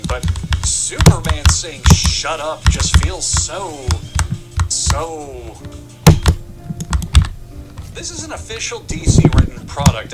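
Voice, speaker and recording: A young man with a high, very animated voice delivers a sarcastic, swearing-laden comic book review. His pitch leaps around for comic effect, and loud music plays behind him. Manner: sarcastic and profane, with big pitch jumps. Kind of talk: sarcastic comedic commentary.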